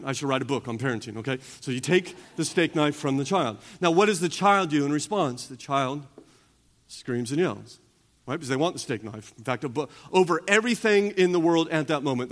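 A man preaching a sermon, swinging between loud emphatic stretches and quiet, intense ones. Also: mid-range voice. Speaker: pastor.

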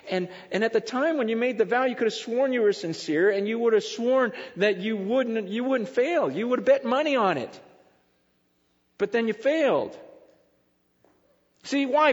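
A middle-aged man preaching a sermon in a church, telling a self-deprecating story with animated, laughing delivery. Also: very high-pitched. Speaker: pastor. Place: church sanctuary. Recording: dull sound with long hall reverb.

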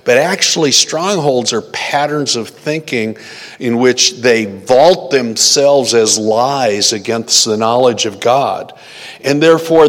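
A man preaching a sermon as pastor, praying and teaching in a slow, deliberate way. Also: medium pitch, fairly bright tone, long reverb tail.

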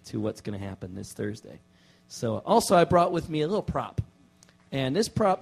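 A male pastor gives a laid-back sermon in a church, mixing jokes into his story. His pitch sits in the middle of the range, and he talks loosely with plenty of fillers and restarts. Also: vocal fry. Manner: relaxed and joking, with frequent fillers and restarts. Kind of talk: casual sermon. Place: church sanctuary.

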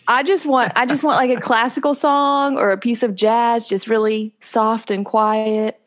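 A woman's voice: fairly high pitch, fairly even intonation, unhurried. Woman, casual cheerful podcast chat.

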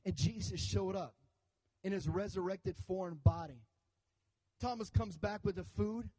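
High-voiced preacher, animated storytelling. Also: male voice, a little slow, poor audio. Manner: animated storytelling with jokes and audience call-outs. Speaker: pastor. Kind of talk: sermon.

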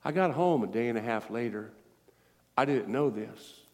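A man's voice: mid-range voice, lively intonation, moderate pace, a little mellow, long reverb tail. A middle-aged man preaching an emotional sermon, earnest and pleading as he tells a story, tearful at times. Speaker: guest preacher. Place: church sanctuary.

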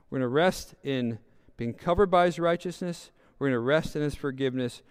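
A man's voice: mid-range voice, clean tone. A male pastor preaching a sermon, repeating words for emphasis and reading scripture aloud.

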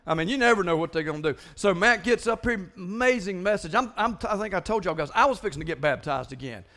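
A man preaching a sermon as pastor, animated, often repeating words in quick bursts. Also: high-pitched. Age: older than most listeners.

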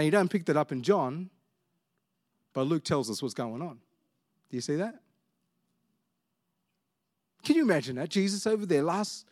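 A man preaching a sermon, reading scripture and then talking it through in a conversational way, acting out the disciples' bickering. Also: fairly high pitch. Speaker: pastor.

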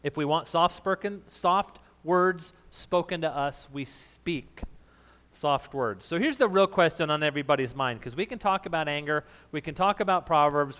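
A man with a fairly high voice preaching a sermon, loud by his own account. He talks to the congregation in a casual, conversational way. He jokes with them and laughs along. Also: smooth. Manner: says of himself that he is loud. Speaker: pastor.

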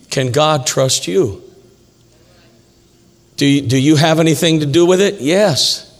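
A male pastor preaching a sermon in a church, emphatic and repetitive, with jokes along the way. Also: a little high. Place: church sanctuary. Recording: reverberant church hall.

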